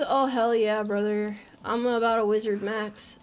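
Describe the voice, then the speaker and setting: A woman's voice: mid-range voice, little pitch movement, unhurried, clean tone. A young American woman streaming a game, chatting casually and playfully, reading chat messages aloud and joking about herself. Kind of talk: casual live-stream chat while gaming.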